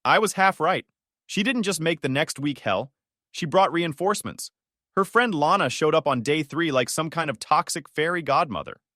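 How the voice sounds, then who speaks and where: A man's voice: mid-range voice, sharp tone, dry recording. A young man narrating his own story in a dry, sardonic tone. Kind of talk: scripted first-person story narration.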